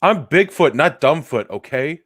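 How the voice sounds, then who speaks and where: A man's voice: on the high side, expressive, a little slow, a bit bright, breathy edge, voice pushed up, exaggerated voice. A man voicing a sassy, vain male Bigfoot in an indignant, flippant way.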